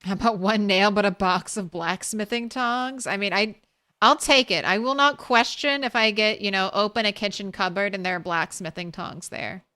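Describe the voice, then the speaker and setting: A woman's voice: medium pitch, normal speed, pushed and bright, clean tone. A woman streamer chatting casually while she plays, thinking aloud and laughing easily. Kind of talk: casual gameplay commentary.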